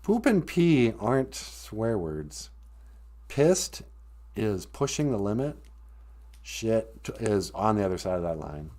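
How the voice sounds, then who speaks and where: A man in casual comedic chat, rambling through his opinions at an unhurried pace. His pitch swings widely as he jokes, giving the talk a lively, teasing feel. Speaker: podcast host.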